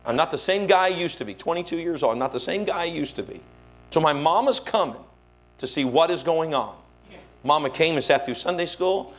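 A man's voice: a little high, a little fast. A male pastor, preaching a sermon and telling stories, acting out the people he quotes. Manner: animated storyteller, acts out quoted voices. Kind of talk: sermon storytelling.

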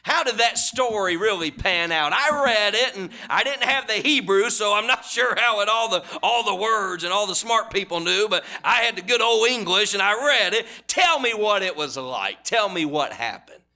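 A man's voice: sits high, expressive, moderate pace, hardly any pauses, pushed and bright. A man preaching a sermon in a church, telling folksy stories and building to fervent, repeated appeals. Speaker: guest preacher. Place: church sanctuary.

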